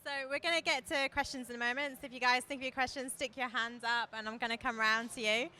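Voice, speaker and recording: British woman host at a live event, bright voice, somewhat high, laughs often. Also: fairly even intonation, fast talker. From Britain. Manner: laughs often, light encouraging prompts. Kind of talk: live stage interview.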